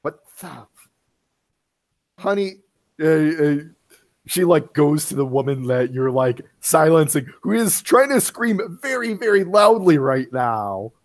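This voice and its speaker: A man narrating a tabletop game as game master, halting with many fillers. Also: on the high side, big pitch swings.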